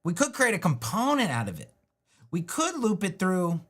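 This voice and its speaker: A man's voice: high-pitched, huge pitch swings, moderate pace, a bit bright. A man hosting a live web design stream, thinking aloud as he works, loose and talkative with frequent restarts and little jokes to himself. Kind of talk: thinking aloud while building a website live.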